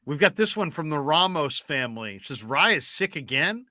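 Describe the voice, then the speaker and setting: A man's voice: a little high, very animated, moderate pace, sharp tone, no room sound, studio quality. A man co-hosting a casual sports talk show, joking around and reading chat comments aloud. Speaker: podcast co-host.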